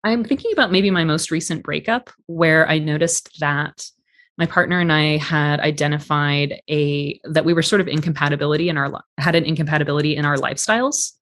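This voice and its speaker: A man's voice: on the high side, brisk, a bit bright. A man guest on a podcast, speaking candidly and reflectively in casual conversation, with some swearing. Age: adult parent.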